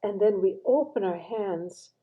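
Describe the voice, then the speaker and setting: A woman's voice: medium pitch, a little slow, narrow, tinny audio. A woman giving a thoughtful devotional reflection, sometimes dropping to a near-whisper for emphasis.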